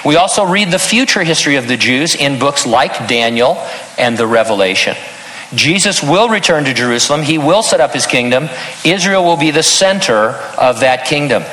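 A man's voice: medium pitch, bright, forceful tone, reverberant, big-room sound, low-quality recording. An older man preaching a sermon as pastor, earnest with touches of self-deprecating humor.

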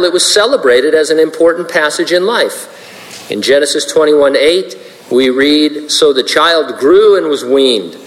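A male pastor giving a verse-by-verse sermon, earnest with dry asides. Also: a little high. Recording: long hall reverb.

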